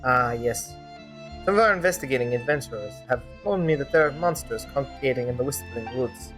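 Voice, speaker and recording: A woman's voice: lively intonation, soft background music. A woman voicing a stern, serious male guild leader in a fan-dub, with a mock German-turned-Russian accent. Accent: mock German-Russian accent attempt. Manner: grave, measured, lowered voice. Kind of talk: fan-dub voice acting over gameplay.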